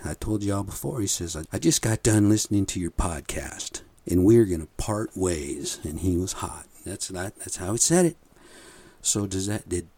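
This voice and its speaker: Deep husky-voiced man rambling. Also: darkish tone, dry recording. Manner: profane, rambling, chuckles often. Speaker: podcast host. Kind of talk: casual rambling monologue.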